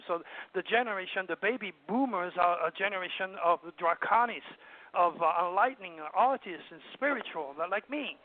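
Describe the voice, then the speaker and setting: High-voiced French man lecturing over the phone. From France. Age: older. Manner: lecturing, emphatic, rambling with fillers. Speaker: astrologer guest. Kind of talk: radio call-in talk. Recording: dry, tinny phone line.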